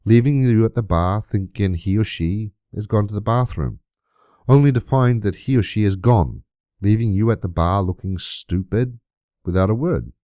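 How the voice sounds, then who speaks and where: A man's voice: fairly low pitch, normal speed, mellow, no echo. A man delivering an indignant, emphatic monologue to camera, full of rhetorical questions. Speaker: YouTube creator.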